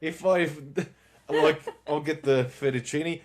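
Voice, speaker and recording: Man, podcast co-host, casual storytelling, swears a lot, slightly high voice, very lively pitch. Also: moderate pace. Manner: animated storyteller, swears freely. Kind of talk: casual chat.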